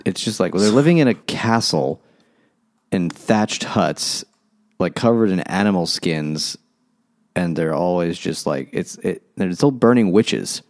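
A man's voice: deep voice, animated, measured pace, a little mellow. A man co-hosting a casual book podcast over beers, laid-back and joking, rambling with restarts. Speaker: podcast host.

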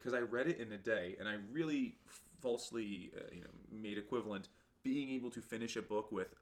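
A man's voice: fairly low pitch, fast. Crude, joking young man on a podcast. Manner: crude, laughing, acts out scenes. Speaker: podcast co-host. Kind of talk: casual book chat.

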